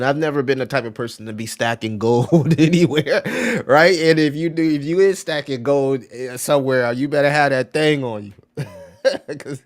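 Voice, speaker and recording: A man hosting a crypto livestream, rambling casually in slangy speech, often saying "bro" and "right?" while answering viewer chat. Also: mid-range voice. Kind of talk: casual live-stream commentary.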